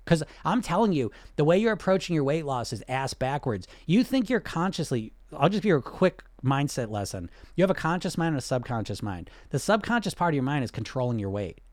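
A middle-aged man coaching on weight loss and answering questions, blunt and animated, firing off rhetorical questions. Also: on the high side, brisk, few pauses, dry recording.

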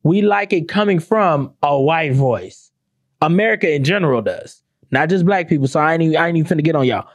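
A woman's voice: animated, brisk, no room sound. Heated, profane woman podcast host. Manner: blunt, heated and sarcastic, with rhetorical questions; swings between high exclamations and low, dropped asides. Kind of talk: profane ranting podcast monologue.

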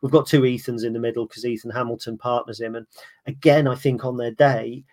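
A man's voice: mid-range voice, fairly even intonation, fairly quick, darkish tone. A man talking as a guest on a casual podcast, chatty and full of restarts. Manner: chatty, many restarts, laughs easily. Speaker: podcast guest, fan of the opposing club.

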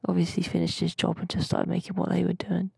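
A woman's voice: lowish voice, completely flat delivery, fast talker, creaky, a little mellow, breathy edge, dry recording. A young woman co-hosting a podcast, chatting casually as she recounts a dream in a rambling way. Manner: rambling, chatty storytelling with mild swearing. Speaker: podcast co-host.

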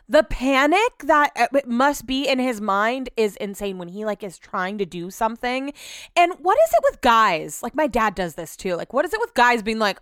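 Young woman podcast host, candid ranting, plenty of swearing, smooth higher voice, dry close sound. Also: big pitch swings, moderate pace, fairly bright tone, no echo. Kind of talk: solo podcast chat. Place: at home.

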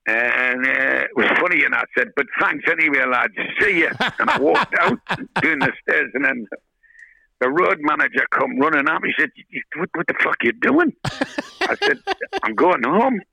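Older bloke, gravelly husky voice, bouncy storyteller, swears a lot, dry close mic. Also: male voice, medium pitch, normal speed, no echo, poor audio. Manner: lively, swears often, acts out voices in his story. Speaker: guest, rock singer. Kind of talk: storytelling anecdote in interview.

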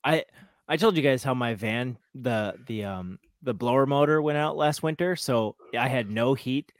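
A man's voice: medium pitch, normal speed, dry recording, clean studio sound. A man in casual podcast chat, telling wry stories. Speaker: podcast co-host.

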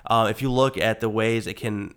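Sick-voiced male co-host, lowish pitch, loose rambling delivery with casual swearing. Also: steady tone, moderate pace, smooth. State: sick, rough voice. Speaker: podcast co-host. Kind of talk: casual chat.

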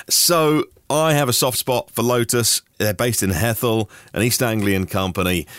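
A man's voice: lowish voice, animated, normal speed, a bit bright, dry recording. A man from Norfolk hosting a daily news podcast, reading through stories in a chatty way with personal asides. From Norfolk, England. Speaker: podcast host.

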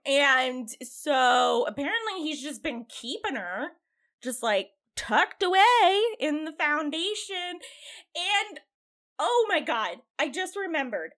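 A woman's voice: high voice, bright, forceful tone. A young woman playing a tabletop character, rambling through her story with many fillers and restarts. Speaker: player character. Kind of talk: in-character tabletop role-play.

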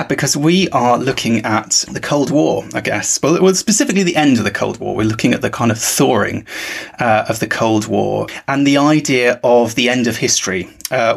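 A man's voice: medium pitch, vocal fry, husky. A man with a British accent hosting a podcast, talking things through thoughtfully with frequent fillers. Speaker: podcast host. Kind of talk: casual podcast discussion.

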